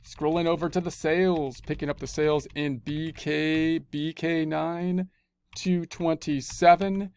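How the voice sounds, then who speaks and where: A man's voice: a little high, fairly even intonation, measured pace, a little mellow, clean tone. A man teaching accounting in a screencast, talking through each spreadsheet step and often repeating his phrases. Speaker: accounting instructor. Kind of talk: screencast tutorial narration.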